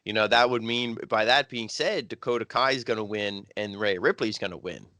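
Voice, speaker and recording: A man co-hosts a casual podcast with a bright, forward tone. The sound is dry and close, with no room around it. He retells scenes in an animated, loose way. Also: lowish voice, moderate pace, no echo. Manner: animated retelling, frequent "like" and "he's like". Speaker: wrestling podcast co-host.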